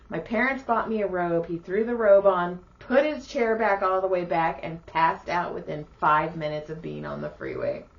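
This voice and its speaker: Profane, animated woman telling stories. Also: on the low side, dull audio. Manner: animated, profane, acts out quoted people. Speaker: podcast co-host. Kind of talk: casual storytelling chat.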